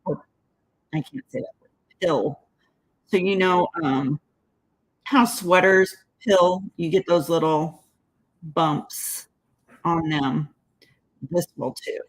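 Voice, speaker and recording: A woman's voice: on the low side, slow, pauses often, rough recording. A woman giving a casual crafting tutorial, chatting as she works and laughing at her own slips. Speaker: card-making demonstrator.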